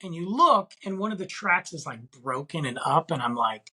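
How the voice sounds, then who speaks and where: A man's voice: on the high side, sing-song, moderate pace, sharp tone, breathy edge, low-quality recording. A middle-aged man hosting a casual solo podcast, telling a story in a rambling way with lots of fillers. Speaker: podcast host.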